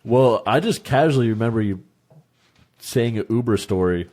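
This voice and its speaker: A man's voice: on the low side, expressive, normal speed, a little mellow. A young man co-hosting a casual podcast, telling stories loosely, swearing and laughing often. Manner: laid-back, swearing storyteller who laughs often. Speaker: podcast co-host. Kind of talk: casual chat.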